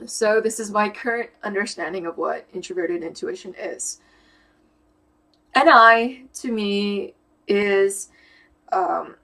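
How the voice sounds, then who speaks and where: Over a low-quality recording, a YouTuber with a medium-pitched, slightly bright voice explains her personality type in a casual talk to camera. She's a young woman who thinks aloud thoughtfully, hunting for words about how her mind works, with fillers and restarts.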